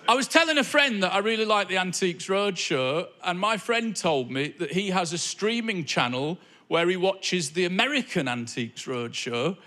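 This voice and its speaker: A man's voice: high voice, lively intonation, moderate pace, hardly any pauses, sharp tone. A male stand-up comedian on stage, talking to the crowd in a wry, conversational way full of observational asides. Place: comedy club stage before a live audience.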